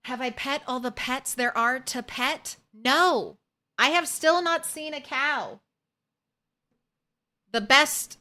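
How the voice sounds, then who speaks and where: Young adult woman, game streamer, casual chatty commentary, bright tone, slow pace. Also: high-pitched, expressive. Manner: chatty, swears casually, talks to the game animals.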